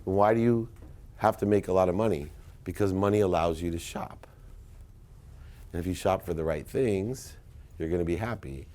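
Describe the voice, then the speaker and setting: A middle-aged man speaks from a stage to a live audience. His voice sits low, and he tells his story with emphatic force, swinging from loud punches to hushed, quiet asides. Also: moderate pace, long pauses. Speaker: keynote speaker. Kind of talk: motivational speech to a live audience.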